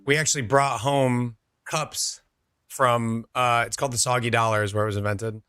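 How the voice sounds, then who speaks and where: A man's voice: mid-range voice, fairly even intonation, moderate pace, pushed and bright, clean tone, dry recording, studio quality, soft background music. A young man streaming a game, chatting casually with his viewers and answering their messages. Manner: chatty, reads out and answers chat, laid-back. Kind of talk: casual chat with viewers while gaming.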